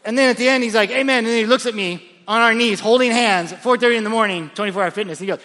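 A pastor preaching with a high, bright, forceful voice, lively and full of stories, often stumbling over repeated words as he restarts. He is recorded in a large church auditorium, and his voice carries a long hall reverb. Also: rapid-fire, hardly any pauses. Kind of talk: sermon.

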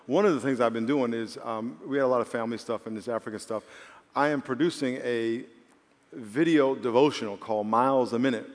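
This man, the church's pastor, moves from storytelling into emphatic preaching during his sermon. He talks fairly quickly at a medium pitch, and the large church hall gives the recording a long reverb.

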